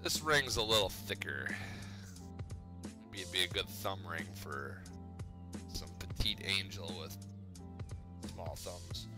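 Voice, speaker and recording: A man's voice: deep voice, lively intonation, takes it slowly, pauses often, music in the background. Laid-back Minnesotan guy in a workshop. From Minnesota, Twin Cities. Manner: laid-back, swears often, says dude. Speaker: livestreamer making pipe rings. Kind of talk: casual chat while crafting. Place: cold garage workshop.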